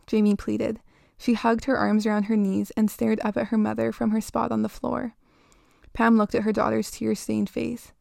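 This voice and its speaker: A woman reads a horror story aloud at a steady, measured pace. Her voice is fairly high with a gravelly, fry-laced texture. The sound is dry and close, with no room echo.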